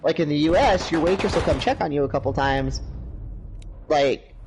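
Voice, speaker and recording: A man's voice: fairly high pitch, moderate pace. A man telling a long travel story in a casual chat, acting out the voices of the people in it. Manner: animated storyteller, acts out quoted voices. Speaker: livestream co-host. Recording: noisy gameplay audio behind. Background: gunfire from a video game.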